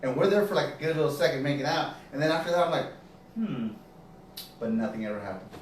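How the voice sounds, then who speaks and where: A man's voice: fairly high pitch, lively intonation, quick pace. A man hosting a casual podcast chat, telling rambling stories full of fillers and restarts. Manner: rambling storyteller, lots of fillers. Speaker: podcast host. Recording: very echoey room, far from mic, faint noise.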